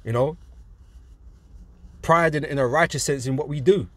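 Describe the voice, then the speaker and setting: A man giving an informal sermon, talking loosely with lots of filler words, reading scripture slowly and deliberately, and getting animated when he is excited. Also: on the high side, no room sound. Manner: loose and conversational, peppered with "man" and "you know". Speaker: religious teacher.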